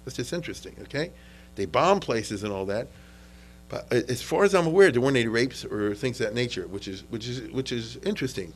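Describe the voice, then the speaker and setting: An American man lectures on history loosely and conversationally, repeating words and restarting as he gathers his thoughts. He keeps checking in with "okay?" and "you understand?" in a brisk, animated, medium-pitched voice. The rough recording carries a little hiss or hum.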